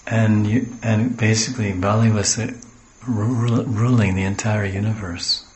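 A man with a fairly low voice tells a sacred story as a sermon. He drifts into homely side stories and acts out the speakers. The room around him rings with echo. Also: fairly even intonation, normal speed. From the West. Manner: digressive, homely asides, acts out quotes. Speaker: spiritual teacher.

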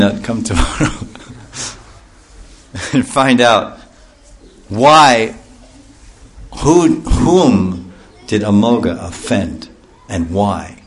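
A man telling a devotional story to an audience in a lively, animated way, laughing often and breaking into loud chanted calls. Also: fairly low pitch. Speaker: storytelling speaker at a devotional class.

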